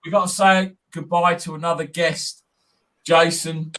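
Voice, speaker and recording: A man's voice: a little high, level tone, unhurried, crowd noise. A man hosting a casual sports podcast, blunt, sweary and teasing. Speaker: host.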